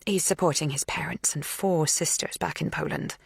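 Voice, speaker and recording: A narrator voicing a farmer's wife who is quick to justify herself and earnest. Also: mid-range voice, vocal fry, husky, no echo. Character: farmer's wife, defensive and eager to please.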